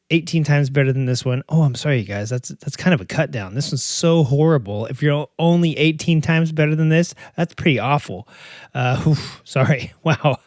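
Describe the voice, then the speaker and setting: Recorded at studio quality with no echo, a middle-aged man whose voice is a little high hosts a podcast. He rambles casually by himself, joking and teasing himself, with plenty of fillers and restarts.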